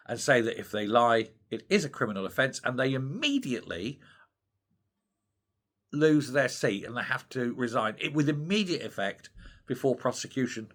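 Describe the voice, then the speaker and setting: A man's voice: mid-range voice, a bit bright. An older British man hosting his own opinion channel, ranting in an indignant, scornful way. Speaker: commentary channel host. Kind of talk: opinionated solo commentary.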